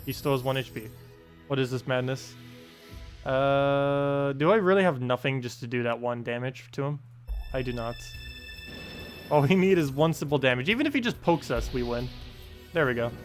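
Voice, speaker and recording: A man streaming a puzzle game, giving casual, quick play-by-play as he thinks aloud. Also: mid-range voice, soft background music. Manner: quick, mumbled play-by-play talking to himself. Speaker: gaming streamer. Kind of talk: casual live-stream commentary.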